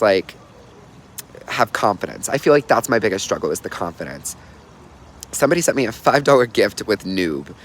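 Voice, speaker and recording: A man's voice: lowish voice, a little hiss or hum. A young man chatting casually on a livestream, bubbly and talkative, reading viewer comments and telling stories. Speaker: livestream host.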